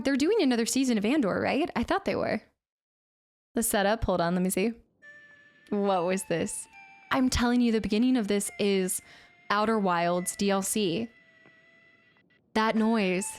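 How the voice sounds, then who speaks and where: A woman streamer chatting casually with her viewers, reading their messages aloud and laughing often. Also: medium pitch. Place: home streaming setup.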